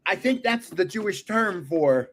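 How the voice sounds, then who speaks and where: A man's voice: high voice, lively intonation, measured pace, fairly bright tone. An older man hosting a card-opening video, chatting and rambling into funny stories that make him laugh. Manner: rambling, chatty storyteller who laughs at his own jokes. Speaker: card collector channel host. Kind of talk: casual chat while opening cards.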